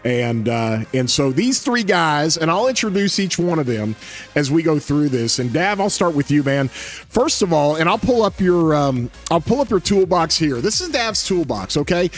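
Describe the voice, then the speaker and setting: A man's voice: fairly high pitch, very animated, moderate pace, soft background music. A man hosting a casual gaming podcast stream, talking in an enthusiastic, rambling way with frequent restarts. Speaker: podcast host. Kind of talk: casual livestream podcast chat.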